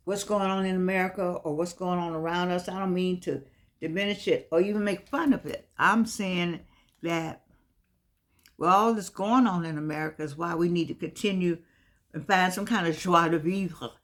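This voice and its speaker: A woman with a lowish voice records a vlog, chatting in a casual, meandering way that keeps looping back and repeating itself. Missing teeth make some of her words slightly slurred.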